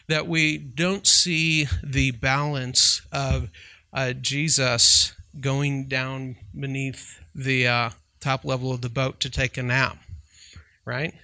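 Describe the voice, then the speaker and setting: In a mid-range, pushed, bright voice recorded without room sound, a Christian counselor talks informally about faith. He often tosses in "right?" to check in and chuckles while recounting stories.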